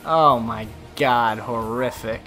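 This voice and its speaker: A man commentating a simulated football video game in a casual, profane, mocking way, getting loud and worked up at big plays. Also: mid-range voice, slow pace, soft background music. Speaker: gaming YouTuber.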